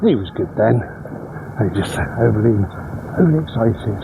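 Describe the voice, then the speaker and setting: A man's voice: fairly low pitch, animated, normal speed, creaky. Rambling man on a noisy outdoor walk. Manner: meandering, chatty, self-correcting. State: slightly out of breath from walking. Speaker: vlogger. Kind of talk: casual rambling chat. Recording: outdoor recording with background noise.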